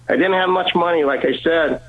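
A man's voice: fairly high pitch, a little fast, phone-quality sound. Earnest man telling his testimony. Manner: earnest, repeats words, acts out voices in his story. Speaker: guest. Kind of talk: personal testimony storytelling.

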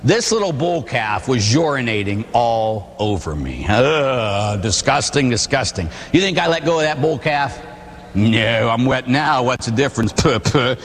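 A middle-aged man from Pittsburgh, a Catholic priest giving a humorous storytelling sermon, animated and theatrical. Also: mid-range voice, moderate pace. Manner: animated, theatrical, acts out voices. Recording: long hall reverb.

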